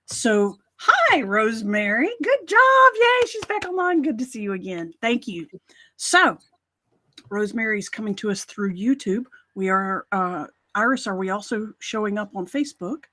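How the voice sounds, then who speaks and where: A woman's voice: medium pitch, lively intonation, moderate pace, bright, forceful tone. A woman co-hosting a live stream, with a Carolina Southern accent, chatting casually and laughing often. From North Carolina. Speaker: co-host.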